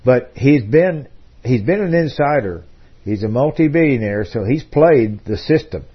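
A man's voice: mid-range voice, expressive, a little slow, husky. Rambling talk-radio man, lo-fi sound. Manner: discursive, frequent fillers and restarts. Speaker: radio host.

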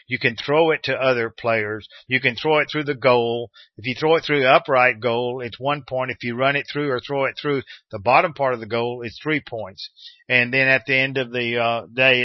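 A man's voice: medium pitch, moderate pace, dry recording, dull audio. A man from the United States hosting a radio show, talking casually and rambling with many restarts and fillers.

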